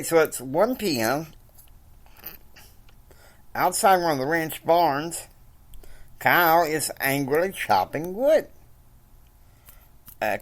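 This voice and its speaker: A woman casually retelling a story, hesitant, repeating words and adding asides. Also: a bass voice.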